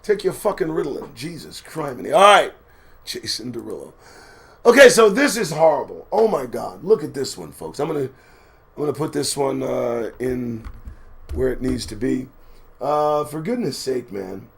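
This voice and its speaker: A man's voice: medium pitch, sing-song, normal speed. A man hosting a live commentary stream, riffing casually with sarcastic, profane asides while reading out news items. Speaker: show host.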